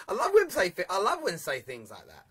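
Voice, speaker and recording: Young guy hosting a football phone-in, high bright voice, jokey, laughs a lot. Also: slightly rough. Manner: chatty and jokey, laughs loudly and often; reads viewer comments aloud. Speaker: phone-in show host. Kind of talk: live football phone-in chat.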